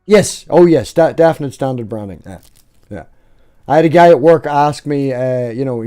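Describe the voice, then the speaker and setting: Northern Irish male streamer host, warm low-key tone, loose sweary banter. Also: a little fast. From Northern Ireland. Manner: rambling, joking, swears freely. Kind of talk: casual live stream chat.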